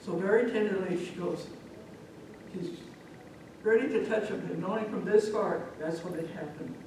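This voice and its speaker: A woman from Omaha telling a folk tale live to an audience, animated and speaking directly to listeners. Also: on the low side, moderate pace, slight background noise. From Omaha, Nebraska. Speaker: storyteller. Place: live public event, echoey room. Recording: echoey hall from far off.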